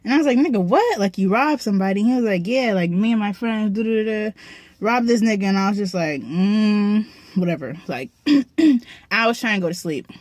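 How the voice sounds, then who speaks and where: Young woman vlogger, mid-pitch, dry sound; slangy, swears a lot, keeps clearing her throat. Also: brisk, no room sound. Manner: profane, slangy storytelling with frequent throat clearing. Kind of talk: casual storytime. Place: parked car.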